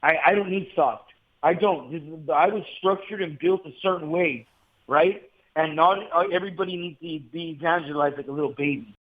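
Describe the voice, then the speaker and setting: This is a guest in his 40s from Southern California, his voice on the high side and his pace moderate. Heard through a tinny, phone-like call line, he recounts his story intensely in a casual conversation, repeating himself and calling the host "bro."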